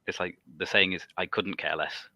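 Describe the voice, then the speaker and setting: A man's voice: deep voice, steady tone, moderate pace, pushed and bright, no echo. A British man chatting casually on a livestream, talkative and laughing often. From United Kingdom.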